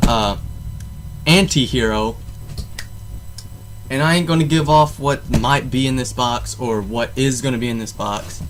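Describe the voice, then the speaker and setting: A man's voice: mid-range voice, takes it slowly, long pauses, background noise. Goofy rambling young man vlogging. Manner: goofy, rambling, self-interrupting. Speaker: unboxing vlogger. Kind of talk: casual unboxing vlog.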